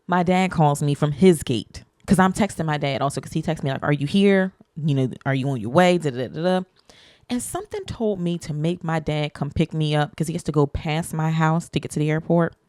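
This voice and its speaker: A woman with a low voice hosts a casual podcast. She tells her story in a lively way and acts out the people she quotes. The sound is close and dry, with no room echo. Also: a little fast. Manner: animated, acts out quoted people with pitch jumps. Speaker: podcast host.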